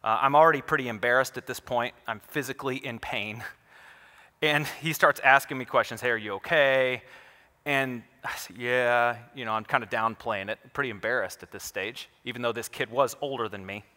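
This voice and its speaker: A man preaching a sermon, telling a personal story in a relaxed, conversational and self-deprecating way. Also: medium pitch, brisk, big-room sound. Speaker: pastor.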